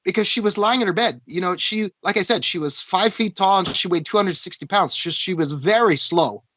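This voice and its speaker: A man from Canada, recounting a personal story as an interview guest in an earnest, halting way, often restarting and saying "you know". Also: high voice, bright, forceful tone, no room sound. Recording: dull, dry lo-fi recording.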